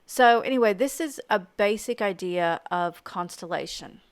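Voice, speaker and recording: A middle-aged woman narrates an art journaling lesson over her own video. She is chatty and eager, rushing ahead with little self-deprecating asides. Her voice is smooth and clear, and the recording is close and dry. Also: medium pitch, no echo. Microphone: home voice-over mic.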